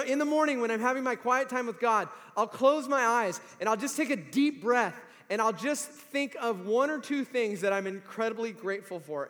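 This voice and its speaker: A man in his forties preaching a sermon, telling animated stories and acting out the voices of the people in them. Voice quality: high voice that climbs to shouts in stories. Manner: animated storytelling, acts out quoted voices. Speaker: pastor. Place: church sanctuary. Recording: long hall reverb.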